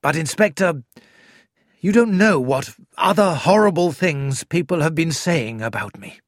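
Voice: medium pitch, expressive, a little slow, dry recording, studio quality. A reader voicing a nervous, defensive man who speaks in a trembling voice.

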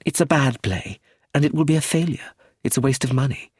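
A man voicing a calm, firm young heiress who speaks clearly and matter-of-factly in a storybook reading. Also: medium pitch, brisk, no room sound, studio quality, voice pushed up.

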